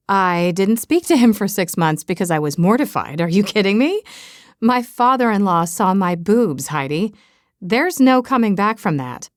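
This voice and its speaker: A woman's voice: medium pitch, animated, moderate pace, no room sound, clean studio sound, lightly acted. A woman voicing a teasing, blunt young woman friend in an audiobook, breezy and unbothered. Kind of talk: audiobook dialogue reading.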